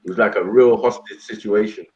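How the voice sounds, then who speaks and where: A man's voice: lowish voice, steady tone, brisk, a little mellow. A man, chatting casually on a stream and telling stories in slang. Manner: storytelling, slangy. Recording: dull, muffled audio.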